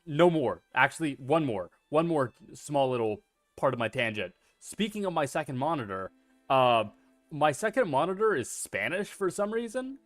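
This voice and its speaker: A man's voice: a little high, very animated, moderate pace, dry recording, faint music behind. A man streaming a video game, chatting casually in a rambling, self-deprecating way and swearing freely. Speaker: VTuber streamer.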